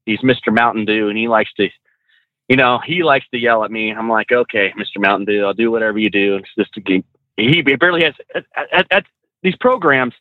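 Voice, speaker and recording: A man who trains truck drivers, a podcast guest telling animated road stories with frequent laughs and restarts. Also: mid-range voice, dry recording, narrow, tinny audio. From California. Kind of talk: casual storytelling.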